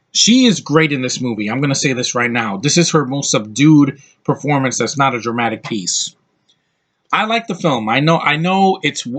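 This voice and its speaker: A man talks through his take on a movie in an unscripted, opinionated ramble. He often cuts himself off and starts his sentences over. His pitch sits in the ordinary middle range for a man. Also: a bit bright. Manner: rambling and opinionated, with frequent restarts. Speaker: movie reviewer. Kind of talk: casual film review.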